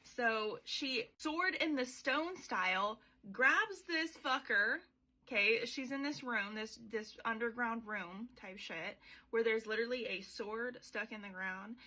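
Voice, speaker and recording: Bright-voiced woman, chatty and irreverent. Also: on the high side, measured pace, poor audio. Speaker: podcast host. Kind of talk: casual book recap.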